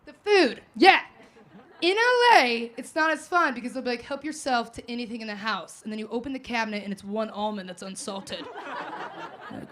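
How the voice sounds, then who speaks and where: Bright, high-voiced female stand-up comic. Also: lively intonation, normal speed. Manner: storytelling with quoted voices and punchy shouts. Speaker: stand-up comedian. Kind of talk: stand-up comedy set. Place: comedy venue with live audience.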